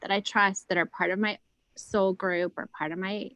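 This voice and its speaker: Woman, casual chat, rambling, many fillers, soft-spoken, dry close sound. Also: mid-range voice, little pitch movement, moderate pace, dry recording, low-quality recording. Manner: speaks softly to keep her voice down. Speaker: guest on a spiritual round table.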